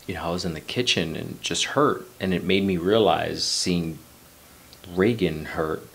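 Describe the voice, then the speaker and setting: A man's voice: deep voice, measured pace, vocal fry, a bit bright. A man in his forties from New York City telling a personal story in a loose, rambling way, swearing casually and drifting into life lessons. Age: 40s. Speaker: vlogger.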